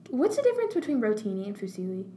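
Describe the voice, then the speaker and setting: A young woman talks casually with a friend, reading out lists in a bright, lilting way. The room rings with noticeable echo, and a faint hiss sits beneath her voice. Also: medium pitch, huge pitch swings, rapid-fire. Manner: chatty, reads out options with rising lilt. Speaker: quiz co-host. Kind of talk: casual chat. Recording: roomy with faint noise.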